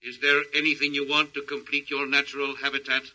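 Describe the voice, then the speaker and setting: Actor as a monotone alien conqueror from a radio play, very bright sharp tone. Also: male voice, mid-range voice, a little fast, poor audio. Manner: flat, formal, clipped machine-like statements. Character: cold emotionless male alien invader. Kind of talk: old radio drama acting.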